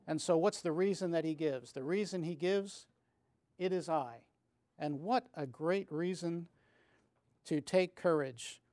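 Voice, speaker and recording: Guy teaching a bible study, kinda higher voice, slow and thoughtful, dry close sound. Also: darkish tone, dry recording. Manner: measured, reflective, reads scripture aloud with restarts.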